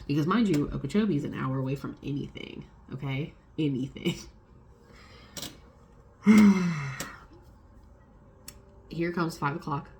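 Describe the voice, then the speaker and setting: A woman's voice: low-pitched, measured pace, pauses often, noisy background. A young adult woman vlogging a casual storytime, swearing freely and acting out what others said. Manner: swearing, animated retelling with quoted voices.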